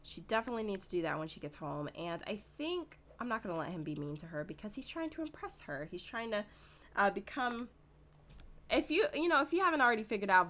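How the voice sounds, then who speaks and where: Woman host, casual gameplay commentary, mid-pitched voice, chatty and giggly, speaks to viewers directly. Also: a bit bright, a little hiss or hum.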